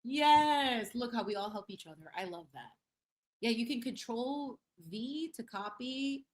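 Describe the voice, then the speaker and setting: A woman's voice: on the high side, animated, unhurried. Playful, effusive woman streamer. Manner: playful and effusive, laughing often; sprinkles in Spanish phrases. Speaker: livestream host. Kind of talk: casual livestream chat reading viewer comments.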